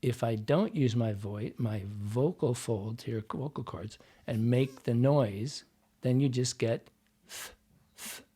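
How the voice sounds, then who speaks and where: Speaking slowly in a husky, warm voice of medium pitch, this podcast guest is a dialect coach explaining accents in an interview. His teaching is patient and methodical, and he frequently voices the sounds himself as examples.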